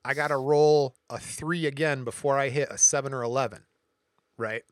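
Speaking at a moderate pace with medium pitch, this man co-hosts a podcast and spins a long, animated anecdote in casual conversation, performing the voices of everyone in it. The studio sound is clean, with no echo.

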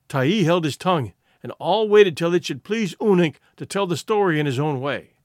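A man narrating a classic short story in an expressive storytelling delivery. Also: a little high, normal speed, no room sound, clean studio sound. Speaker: audiobook narrator.

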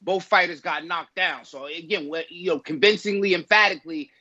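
A man with a high, bright voice who works through his argument deliberately, stopping now and then to search for the right word. The audio is dull and lo-fi. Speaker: panelist. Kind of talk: casual panel discussion.

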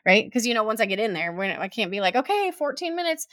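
A woman's voice: mid-range voice, fairly even intonation, rapid-fire, sharp tone, dry recording, studio quality. A young adult woman telling a personal story in casual chat, with lots of "like" fillers and acted-out quotes.

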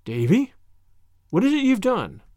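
A man voicing an earnest, kind young woman who is a teacher, in a raised, bright voice from an audiobook reading. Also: high voice, huge pitch swings, measured pace, no room sound, studio quality, voice pushed up, exaggerated voice.

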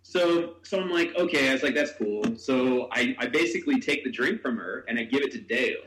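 A man's voice: mid-range voice, animated, a little fast, fairly bright tone, roomy sound, poor audio. A man hosting a podcast, telling a story in casual chat. He acts out the quotes with big jumps in his voice, swears and laughs. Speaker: podcast host.

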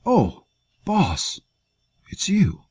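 A man's voice: sits high, wildly swooping pitch, drawn-out words, a little mellow, slightly rough, pitched above the performer's own voice, full character voice. A man voicing a wounded male fighter who jokes weakly through his pain, strained and gasping.

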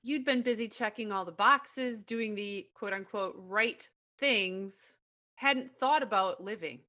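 A woman's voice: medium pitch, slow pace, pushed and bright. A woman podcast host reflecting on the guest's words and speaking directly to listeners.

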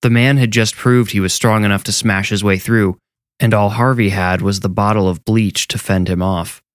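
A man narrating a horror story in a measured, steady storytelling voice. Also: on the low side, no room sound. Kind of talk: scripted narration.

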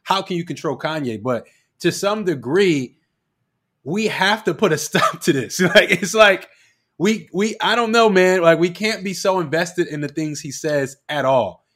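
A man's voice: sits high, measured pace, fairly bright tone. A man co-hosting a podcast, speaking in heated, emphatic and profane casual chat. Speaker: podcast co-host.

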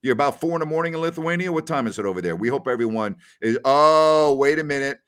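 A man hosting a casual post-game livestream, animated as he reads out viewer comments. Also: medium pitch, racing. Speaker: podcast host.

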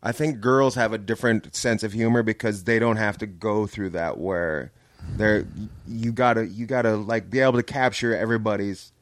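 Laid-back comedian guest from Canada. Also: male voice, fairly low pitch, no room sound. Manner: relaxed, quick laughs and short agreements. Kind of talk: casual chat.

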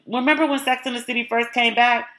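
A woman's voice: a little high, fairly even intonation, fast talker, pushed and bright. A woman hosting a podcast in a casual solo chat, frank and opinionated as she talks. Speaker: podcast host.

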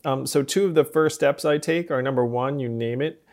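A man hosting a podcast, asking measured, thoughtful questions with occasional hesitations. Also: medium pitch, darkish tone. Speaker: podcast host. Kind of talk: interviewing a guest.

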